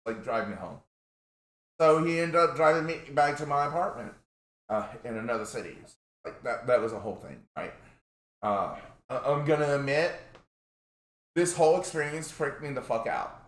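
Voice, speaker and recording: A man's voice: fairly high pitch, animated, moderate pace. A man casually telling a personal story to his viewers in a rambling way, full of "like" and restarts. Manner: rambling, filler-heavy, frequent "like". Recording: roomy echo.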